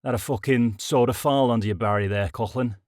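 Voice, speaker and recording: A man's voice: medium pitch, brisk, darkish tone, no room sound, studio quality, natural voice. A man voicing a stern male army sergeant major whose voice is cold, clipped and resonant. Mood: scolding. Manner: gruff barking.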